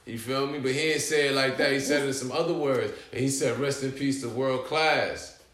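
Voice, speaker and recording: A man hosting a podcast, telling stories in a casual, slangy, animated way with many asides. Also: mid-range voice, a little fast. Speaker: podcast host. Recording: roomy echo.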